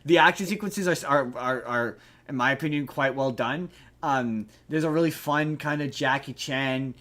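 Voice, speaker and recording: Animated, rambling male podcast host. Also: on the high side. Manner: rambling, animated, swears freely, many restarts. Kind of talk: casual podcast chat.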